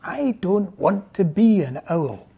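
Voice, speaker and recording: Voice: medium pitch, very animated, takes it slowly, vocal fry, husky, lo-fi sound, exaggerated voice. A reader voicing a miserable, self-pitying little male owl who moans and pleads, in a storybook reading. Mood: hopeful. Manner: whiny, moaning, pleading.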